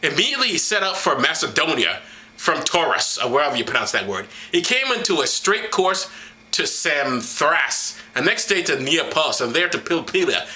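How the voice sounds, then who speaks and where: A man's voice: fairly high pitch, sharp tone. Profane man stumbling through a reading. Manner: stumbling, profane, mocking asides. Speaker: comedic Bible reader. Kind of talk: irreverent comedic reading to camera. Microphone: camera.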